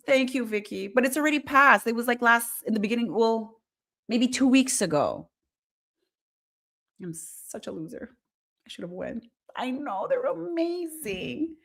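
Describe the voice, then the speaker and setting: Woman host, casual live-stream chatter, excitable, talks straight to viewers. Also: on the high side, a little slow, vocal fry. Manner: chatty and excitable, reads viewer comments aloud. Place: Montreal.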